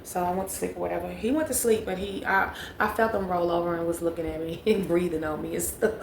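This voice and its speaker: A woman's voice: lowish voice, steady tone, fairly quick, creaky. A young woman telling a storytime vlog, chatty and talking straight to viewers, repeating phrases for emphasis. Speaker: vlogger. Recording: echoey room with faint background noise.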